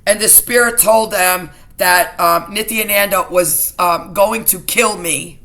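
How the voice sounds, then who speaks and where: A middle-aged woman talks straight to her camera in an agitated, indignant personal rant. Her voice has a bright, sharp edge, and she circles back over the same points and repeats lines. The pitch sits in a middle range for a woman. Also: unhurried. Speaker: vlogger.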